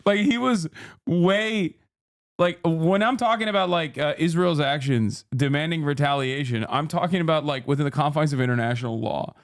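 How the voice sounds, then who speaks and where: A man hosting a live stream, reading chat messages aloud and reacting quickly with swearing and laughter. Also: a little high, no echo, clean studio sound.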